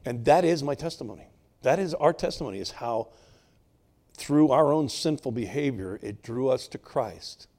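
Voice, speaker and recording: Animated older male pastor preaching. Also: medium pitch, moderate pace. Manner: animated, swinging between loud emphatic bursts and quiet asides. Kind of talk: sermon with personal storytelling.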